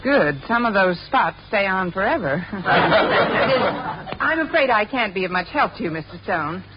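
An actress playing a sarcastic, wisecracking woman schoolteacher in a 1950s radio sitcom, quick with quips and a little flustered. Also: medium pitch, expressive, a loud crowd, very noisy, natural voice. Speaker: English teacher. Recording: dull old radio recording with studio audience laughing.

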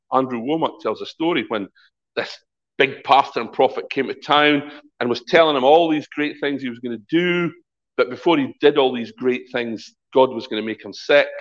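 A man's voice: mid-range voice, dull audio. A middle-aged man, a pastor, preaching a conversational sermon and acting out the voices in his stories. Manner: lively, conversational preaching with acted-out quotes.

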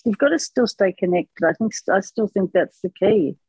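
A woman's voice: medium pitch, animated, normal speed, darkish tone, breathy edge, no room sound. A woman in a casual chat, encouraging and supportive, giving short agreeing replies. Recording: dry, dull lo-fi sound.

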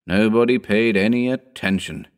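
A man narrating a horror story as an audiobook, measured and slowing for grim details. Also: lowish voice.

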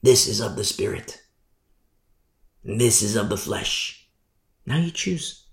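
A man preaching a sermon as pastor, emphatic, swinging from loud declarations to hushed asides and mimicking sinners' excuses. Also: on the low side, sing-song, slow, gravelly, pauses often, echoey room.

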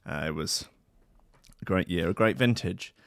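Man, radio host, low voice, sardonic, swears a lot, rambling, very dry studio sound. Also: normal speed, creaky, clean tone, dry recording. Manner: sardonic, sweary, meandering, drifts between loud and muttered. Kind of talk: rambling solo radio banter.

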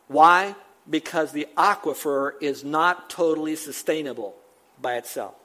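An older male pastor delivers a sermon in a fairly high voice. He preaches emphatically, repeating words over and over and lifting his voice on key points. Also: fairly bright tone. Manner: emphatic, repetitive preaching with rising exclamations.

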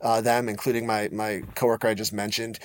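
A man's voice: fairly low pitch, little pitch movement, fairly quick. A middle-aged man telling a story as a podcast guest, rambling with lots of fillers. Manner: rambling, many fillers and restarts. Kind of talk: casual storytelling chat.

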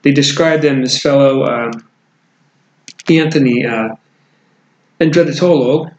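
A man's voice: mid-range voice, takes it slowly, dull audio. A man co-hosting a podcast, casually reading and retelling a news story, rambling with frequent restarts. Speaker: podcast co-host. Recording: echoey room with faint noise.

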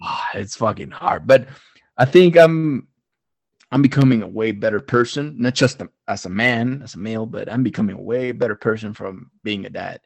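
A young man and new father chatting casually, profane and animated, telling stories with laughter. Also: on the low side, moderate pace, gravelly, breathy edge, no room sound. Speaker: podcast co-host, father of a baby daughter. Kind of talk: casual chat.

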